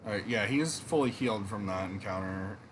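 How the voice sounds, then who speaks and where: A man giving casual, rambling gameplay commentary, swearing freely and pausing with fillers. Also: lowish voice, music in the background. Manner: rambling, profane, hesitant. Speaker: let's play gamer.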